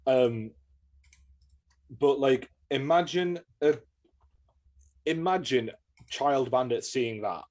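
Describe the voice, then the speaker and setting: A man's voice: mid-range voice, slow, long pauses, darkish tone. Male podcast co-host, mid voice, rambling, filler-heavy. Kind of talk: casual chat.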